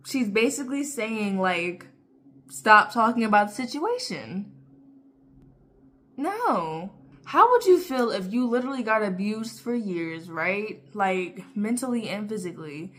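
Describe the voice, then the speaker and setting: A woman giving casual reaction commentary as a vlogger, full of "like" fillers and indignant outbursts. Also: mid-range voice. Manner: heavy "like" fillers, indignant and expressive.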